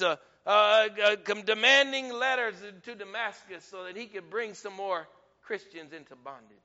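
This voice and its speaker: A high, bright-voiced man delivers a sermon at an unhurried pace. He presses hard on his points, climbing to near-shouts before falling quiet. The recording is dull and muffled, with a long reverb trailing each phrase. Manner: emphatic, rising to near-shouts then dropping low. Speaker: preacher.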